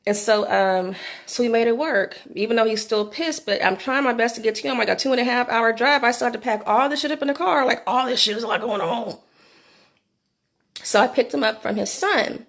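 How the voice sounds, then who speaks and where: A middle-aged woman telling a candid personal story into her phone for a vlog, animated and swearing freely. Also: fairly high pitch, a little fast. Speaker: vlogger.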